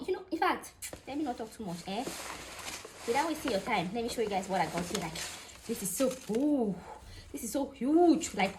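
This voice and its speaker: High, lively woman vlogger. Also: noisy background. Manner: excitable, gushing exclamations. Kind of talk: unboxing vlog.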